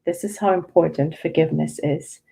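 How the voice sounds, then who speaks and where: A woman's voice: low-pitched, vocal fry, dark tone, husky, poor audio. A woman hosting an online spiritual study group, reading passages and adding emphatic, reflective commentary. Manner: slow, emphatic, reflective delivery.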